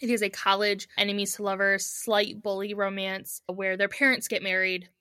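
A woman's voice: mid-range voice, little pitch movement, bright, forceful tone, clear, resonant tone, dry recording, studio quality. A woman co-hosting a book podcast, chatting in an enthusiastic, bubbly way. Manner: bubbly, enthusiastic, quick laughs. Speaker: podcast co-host. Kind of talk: casual chat.

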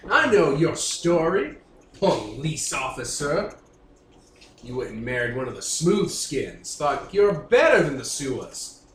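A man voicing a menacing male crocodile-man sewer gang boss in a put-on Louisiana hillbilly accent, taunting with drawn-out words. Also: on the high side, sing-song, a bit bright. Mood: sneering. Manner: taunting, drawn-out sneering delivery. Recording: roomy, distant mic with faint background noise.

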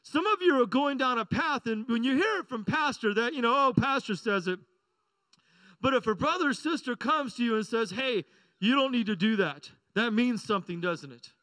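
A man's voice: very high-pitched, lively intonation, normal speed, sharp tone, dry recording, rough recording. A middle-aged male pastor preaching a sermon in a conversational, joking way, often asking the congregation "right?" and "amen?".

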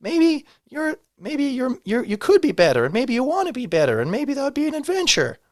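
A man putting on a shrill, exasperated male lecturer in a strained falsetto, as a mocking impression. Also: huge pitch swings, a little fast, darkish tone, dry recording, studio quality, full character voice. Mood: scolding. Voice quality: strained falsetto, pitched far above his own voice.

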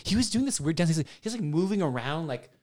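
A man's voice: on the high side, big pitch swings, fast talker, a little mellow. A young man telling stories on a podcast in casual chat, acting out quoted voices and laughing often.

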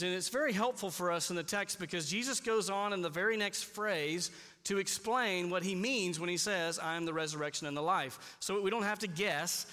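Man preaching, high voice, emphatic, slows for key points, long hall reverb. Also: bright, forceful tone. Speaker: pastor. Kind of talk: sermon. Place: church sanctuary.

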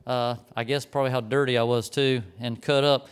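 A middle-aged man preaching, telling a lively personal story and acting out the people in it. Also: medium pitch, fairly quick, smooth. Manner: animated storyteller, acts out the people in his story. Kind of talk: storytelling sermon.

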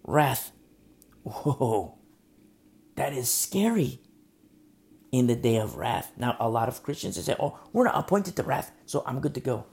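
A male pastor preaching a sermon in an earnest, direct, confrontational way, swinging between soft near-whispers and loud emphatic lines. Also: mid-range voice, very animated, a little slow, creaky, long pauses.

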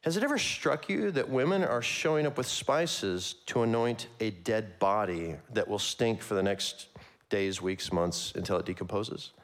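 A man preaching a conversational sermon, casual and animated, with slangy asides and frequent laughs. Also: on the low side, normal speed. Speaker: pastor.

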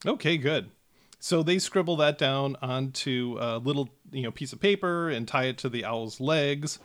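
A man acting as game master, narrating a tabletop game in a relaxed way with many fillers. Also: medium pitch, normal speed.

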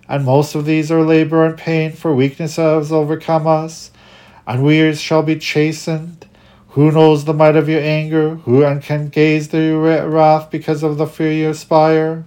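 A reader reciting liturgical prayers and psalms in a steady cadence, with occasional stumbles and restarts. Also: medium pitch.

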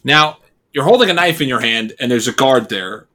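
An American man narrating as game master, animated and laughing often. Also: mid-range voice, moderate pace.

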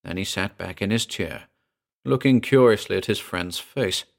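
Male audiobook narrator, low voice, quiet measured delivery of a ghost story. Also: gravelly.

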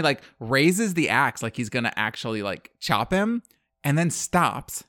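A man's voice: fairly high pitch, expressive, moderate pace, a bit bright, no room sound. Man, casual movie recap, rambling with fillers, dry close sound. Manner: rambling, filler-heavy storytelling with acted quotes. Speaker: podcast co-host.

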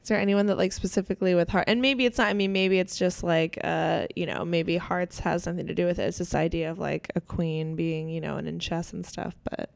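A woman co-host talks through her theories in loose, rambling casual chat. Her voice is a little low with a gravelly, creaky edge. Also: steady tone, a little fast, few pauses, dry recording. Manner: rambling, thinks aloud with many fillers. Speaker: podcast co-host.

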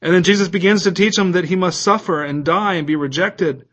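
A pastor delivers a sermon in a somewhat higher-pitched man's voice. He moves between quiet, slow passages and raised, urgent ones, reading scripture aloud and turning questions to his listeners. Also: dull audio.

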